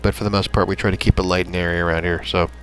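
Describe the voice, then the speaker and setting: A man hosting a gaming channel, chatting in a rambling, halting way with lots of fillers as he wraps up a playthrough. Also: sits low, flat delivery, clear, resonant tone, low-quality recording. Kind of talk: casual gameplay commentary. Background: soft background music.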